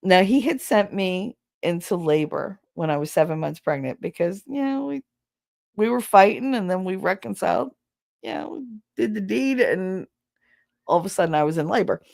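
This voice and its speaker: A middle-aged woman tells a story casually on her podcast. She is blunt and swears freely. She laughs as she talks, and her voice sits at an ordinary pitch for a woman. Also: lively intonation, moderate pace, creaky, darkish tone. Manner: blunt and profane, laughing through the tale. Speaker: podcast host.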